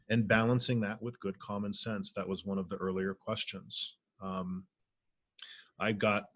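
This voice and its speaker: A man with a low voice leads an online healing circle as a spiritual teacher. He speaks gently and reflectively, often pausing on soft fillers over a video call. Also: no echo.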